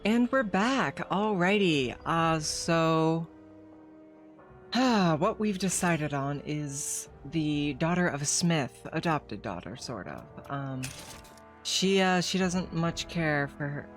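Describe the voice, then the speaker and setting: A woman's voice: sits low, expressive, slow pace, soft background music. A young woman streamer chatting casually over a game, swearing now and then. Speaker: VTuber streamer.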